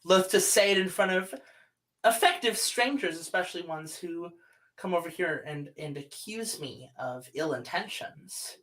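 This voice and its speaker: A game master voicing a nervous, formal salamander man who stammers and talks in halting bursts. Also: medium pitch, lively intonation, fairly bright tone, far from the mic, low-quality recording. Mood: guarded. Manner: stammering, halting, hesitant speech. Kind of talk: tabletop role-play character voice.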